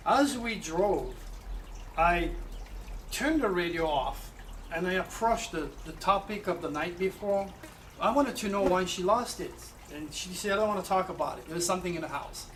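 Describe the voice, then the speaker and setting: A man telling a personal story in an animated way, with halting restarts. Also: sits high, distant mic, a little hiss or hum, rough recording. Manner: animated, acts out quoted voices, halting restarts. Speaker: astrologer telling his own story.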